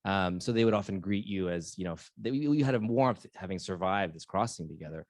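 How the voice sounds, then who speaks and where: Deep-voiced man, reflective and halting. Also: no echo, studio quality. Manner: reflective, halting with restarts and fillers. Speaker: author and journalist. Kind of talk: live author interview. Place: library event with live audience.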